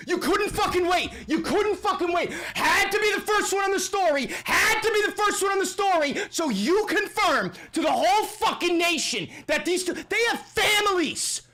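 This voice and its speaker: A woman streamer rants on a livestream, her high voice swinging wildly as she shouts in fury. She swears constantly and hammers the same phrases over and over. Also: lively intonation, moderate pace, hardly any pauses. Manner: furious, profane, shouting; repeats phrases for emphasis. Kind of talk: livestream rant.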